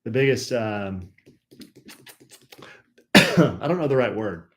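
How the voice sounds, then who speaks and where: A man's voice: lowish voice, expressive, slow pace. A man co-hosting a live stream, chatting casually and greeting viewers by name in a jokey, rambling way.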